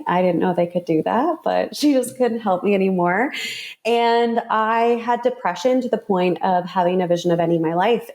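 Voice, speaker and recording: A woman guest on an interview show, telling a personal story in a vivid, expressive way. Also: medium pitch.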